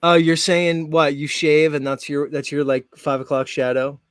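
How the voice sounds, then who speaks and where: A man's voice: on the high side, level tone, normal speed, clean tone, dry recording, clean studio sound. A man in his forties hosting a casual live show, rambling with many fillers and frequent laughs. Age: 40s. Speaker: show host.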